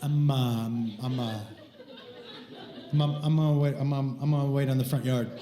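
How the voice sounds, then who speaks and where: A man's voice: medium pitch, steady tone, voice pushed down, lightly acted. A man doing a stammering, nervous young tutor. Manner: stammering, halting. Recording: echoey club with crowd noise.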